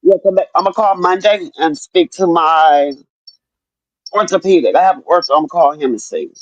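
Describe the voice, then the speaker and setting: A woman's voice: on the low side, moderate pace, no room sound, highs cut off. An older woman and grandmother speaking candidly in a casual chat, often repeating herself and cursing freely. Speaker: stroke survivor sharing her story.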